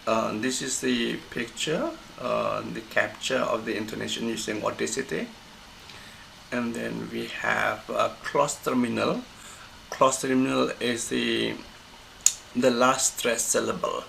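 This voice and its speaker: A man with a heavily gravelly, creaky voice walks through a pronunciation lesson. He pauses and restarts often as he looks for the right word, and there is a faint hiss under his speech. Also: medium pitch, fairly even intonation, a bit bright, rough recording. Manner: halting, stops often to find the word. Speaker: English pronunciation teacher. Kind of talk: recorded lesson explanation.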